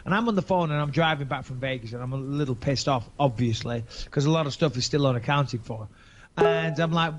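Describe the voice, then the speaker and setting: A man in his forties with an English accent, a podcast host telling a story in casual chat, profane and animated, acting out both sides of phone calls. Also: fairly high pitch, fast. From England.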